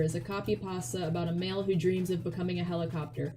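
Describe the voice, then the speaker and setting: A woman's voice: lowish voice, steady tone, fast, few pauses, dark tone. A woman talking casually and bluntly, swearing and rambling with restarts, on a chat stream. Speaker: vtuber co-host. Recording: faint background music.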